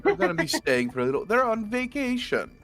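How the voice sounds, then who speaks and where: A man's voice: extremely high pitch, huge pitch swings, brisk, fairly bright tone, faint music behind. Wry man haggling in a tabletop game. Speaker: player. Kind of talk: tabletop role-play.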